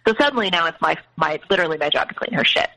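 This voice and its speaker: A woman's voice: sits low, animated, rapid-fire, creaky, sharp tone, poor audio. A woman as a podcast guest, earnestly recounting personal experiences with frequent restarts. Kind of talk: emotional personal storytelling.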